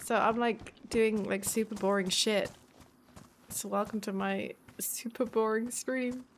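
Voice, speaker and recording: A woman's voice: a little high, steady tone, unhurried, a little hiss or hum. Chatty, swearing woman streamer, Midlands accent. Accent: English Midlands. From English Midlands. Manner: chatty, swears freely, laughs often. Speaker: live streamer. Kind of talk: casual live-stream chat.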